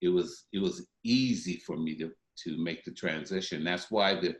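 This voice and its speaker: An older man speaking in a notably deep voice, a singer talking over his past work. He pauses and restarts as he thinks aloud. The room around him is echoey. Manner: reflective, with fillers and restarts. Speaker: guest singer. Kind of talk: interview conversation.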